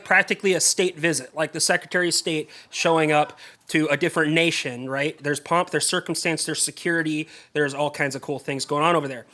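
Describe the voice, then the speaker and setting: A man preaching a sermon, telling the story in a casual, lively way and acting out the characters' voices. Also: high-pitched. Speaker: pastor.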